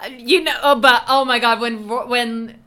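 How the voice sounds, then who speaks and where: Bright-voiced chatty young woman. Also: fairly high pitch, moderate pace. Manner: animated, swearing, acts out scenes in quotes. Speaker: podcast co-host. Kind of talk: casual chat.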